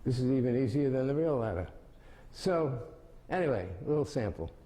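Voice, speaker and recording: A man in his seventies explaining mime and telling jokes with lively storytelling, his voice rising high as the stories build. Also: a little fast. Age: 70s. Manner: animated storytelling with big pitch jumps.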